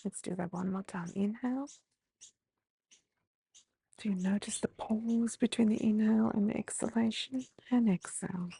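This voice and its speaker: Calm Australian woman guiding breathwork. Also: medium pitch, creaky, breathy edge. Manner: calm, slow, gently instructive. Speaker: mindfulness teacher. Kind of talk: guided movement and breathing instruction.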